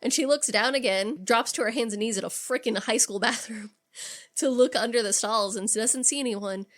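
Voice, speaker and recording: A woman co-hosting a podcast, casually retelling a film scene by scene, lively and freely swearing. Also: on the high side, moderate pace. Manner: animated storytelling, swears freely. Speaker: podcast co-host. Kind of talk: casual movie recap chat.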